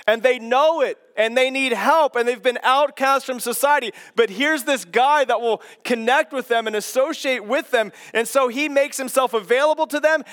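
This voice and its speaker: A man delivers a sermon in a notably high voice. He explains things eagerly and in an animated way, throwing rhetorical questions to his congregation as he goes. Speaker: pastor.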